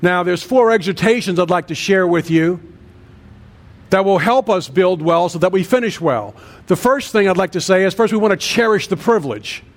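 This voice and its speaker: A man's voice: high voice, animated, moderate pace. A man in his sixties, a pastor preaching a sermon with an earnest cadence and emphatic repeated lists. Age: 60s.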